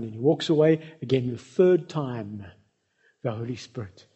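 Husky-voiced preacher. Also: male voice, medium pitch, normal speed, mellow. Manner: storytelling, addresses the congregation directly. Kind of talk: sermon.

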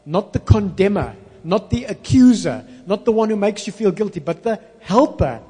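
A man preaching a sermon, stressing words slowly and calling on the congregation to repeat after him. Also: high-pitched, lively intonation, dark tone, breathy edge. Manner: call-and-response with congregation; emphatic, slows down to stress words. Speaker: pastor. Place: church hall. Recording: long reverb in a large hall.

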